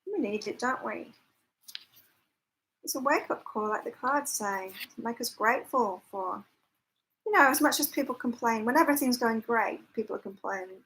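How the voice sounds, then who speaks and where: A woman's voice: on the high side, moderate pace, fairly bright tone, a little hiss or hum, poor audio. A woman hosting a live psychic chat, talking casually with viewers, laughing often and reading out their comments. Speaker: psychic livestream host. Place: temporary lodging, staying away from home.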